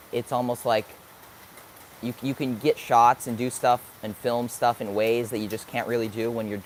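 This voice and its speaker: A man's voice: medium pitch, a little hiss or hum. A young man in his late teens answering viewer questions on a live stream, upbeat and thinking aloud as he searches for words. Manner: upbeat, sometimes hyper. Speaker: vlogger.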